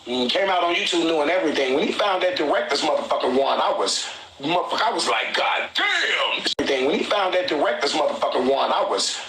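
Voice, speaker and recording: Guy on a livestream telling it all worked up, cussing, kinda high voice, echoey room. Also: racing. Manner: excitable, profane, acts out quotes. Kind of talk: animated livestream storytelling. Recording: echoey room with faint noise.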